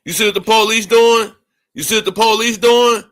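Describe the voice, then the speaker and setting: Male streamer, furious profane rant, bright forceful tone, higher-pitched. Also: steady tone, moderate pace. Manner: angry, profane, repetitive. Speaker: livestream host. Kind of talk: ranting livestream commentary.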